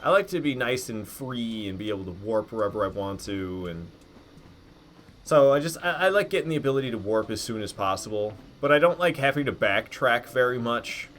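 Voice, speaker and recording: A man's voice: medium pitch, lively intonation, brisk, a bit bright, faint music behind. A man giving rambling live commentary as he plays a game, talking to himself and cursing at his own mistakes. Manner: rambling, self-critical, swears when frustrated. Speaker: gameplay streamer.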